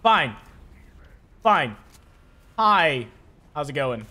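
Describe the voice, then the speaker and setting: A man streaming a video game live, talking through his play with excitable commentary and frequent swearing. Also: sits high, measured pace, long pauses. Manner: excitable, swears often, shouts at enemies.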